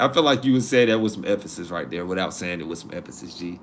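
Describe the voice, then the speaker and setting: A man hosting a live stream in casual chat, reading viewer comments aloud and answering in an animated, slangy way that repeats itself. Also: low-pitched, fast. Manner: animated, repeats himself, slangy asides and laughs.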